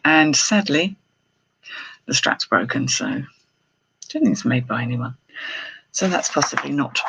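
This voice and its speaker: A woman's voice: deep voice, gravelly, fairly bright tone, breathy edge. A middle-aged woman, chatting casually and exclaiming as she unboxes and talks to viewers on a live stream. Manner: chatty, exclaiming, thinking aloud. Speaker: jewellery reseller hosting a live haul stream.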